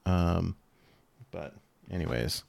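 A man's voice: deep voice, slow, gravelly, a little mellow, no echo. A man co-hosting a casual show, talking enthusiastically and rambling with fillers. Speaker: co-host. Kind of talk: casual chat.

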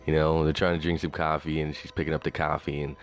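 Very deep voiced guy rambling on, swears a ton, says you know constantly, faint music under it. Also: flat delivery, fast. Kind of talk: casual monologue.

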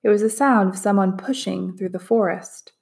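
Female narrator for a children's chapter book, measured and expressive. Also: mid-range voice, creaky. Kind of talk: storybook read-aloud narration.

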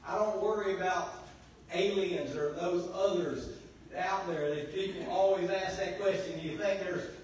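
A man, a pastor, preaching a sermon with call-and-response to the congregation, swinging between quiet and loud passages. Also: high voice, steady tone, moderate pace, recorded from a distance, a little hiss or hum. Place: church sanctuary. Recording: very echoey church hall, voice from afar.

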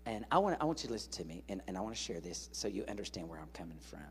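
A man preaching a sermon in a large church hall, an animated, joking storyteller speaking into a stage microphone. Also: fairly low pitch, very fast, slight background noise.

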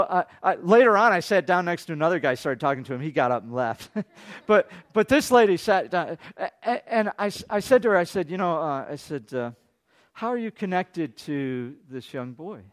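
A male pastor preaching a sermon in a conversational storytelling way, asking the congregation rhetorical questions and swinging between loud excited preaching and soft, quiet asides. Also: on the high side, normal speed.

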